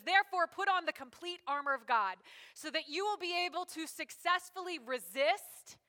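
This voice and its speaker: A woman pastor preaching a sermon in a lively, joking, conversational way. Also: high-pitched. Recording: long hall reverb.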